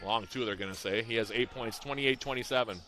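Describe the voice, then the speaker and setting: A man calling a college basketball game play-by-play, reading out plays, scores and shooting stats in a brisk, rhythmic way. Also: mid-range voice, noisy background. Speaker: play-by-play announcer.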